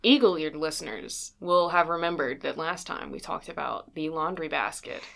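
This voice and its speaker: Young woman co-host, low voice, playful and jokey. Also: gravelly, fairly bright tone. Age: young adult. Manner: playful, jokey, quick asides. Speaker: student podcast co-host. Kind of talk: casual chat.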